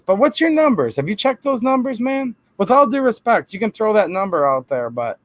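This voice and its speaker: Stream host, male, high voice, rambling emphatic delivery, dry home-studio sound. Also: no room sound. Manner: rambling, emphatic, defensive asides. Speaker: channel host answering viewer comments. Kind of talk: casual live-stream talk.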